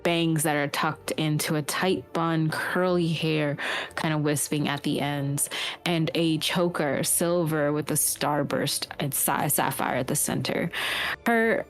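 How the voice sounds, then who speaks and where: Woman game master, low voice, rambling narration, frequent fillers. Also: steady tone, measured pace, soft background music.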